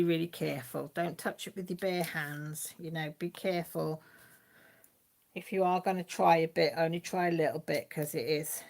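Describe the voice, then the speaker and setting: Chatty woman with a lowish voice. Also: vocal fry. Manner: rambling, chatty storytelling with frequent fillers; laughs and does playful voices for family members. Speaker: channel host. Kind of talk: live-stream casual chat.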